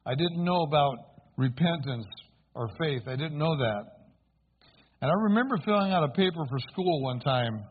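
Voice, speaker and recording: A man with a slightly high, husky voice tells his story in a sermon. He speaks earnestly and turns to the congregation with questions. The sound is thin and tinny, like a phone line. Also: lively intonation, moderate pace. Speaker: preacher giving testimony. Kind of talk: sermon testimony.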